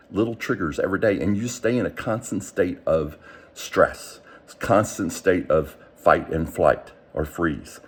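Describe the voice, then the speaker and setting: A deep, slightly husky male voice. He teaches like a mindset coach, earnest and explanatory, and he often breaks off and restarts his sentences as he works through an idea. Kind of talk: motivational teaching talk.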